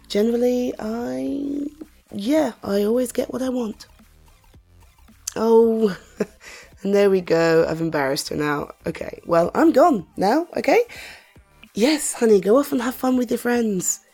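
A woman playing a slow, gravelly, teasing mum. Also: on the high side, expressive, dark tone, soft background music, exaggerated voice. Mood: playful, bossy. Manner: teasing, self-assured, slow and playful. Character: confident wealthy mother, teasing and flirtatious. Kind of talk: listener-directed audio role-play.

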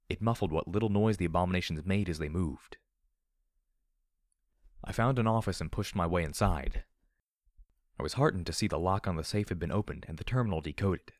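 A man narrating first-person fiction as an audiobook, in a measured storytelling delivery. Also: low-pitched, no echo, studio quality.

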